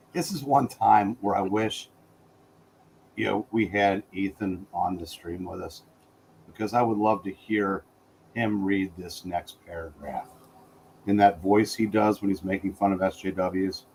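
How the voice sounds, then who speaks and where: A man's voice: low voice, measured pace, a little mellow, poor audio. A man co-hosting a casual talk, speaking bluntly in a rambling way with many "you know" asides. His voice sits mid-range, over a faint background hiss. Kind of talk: casual chat.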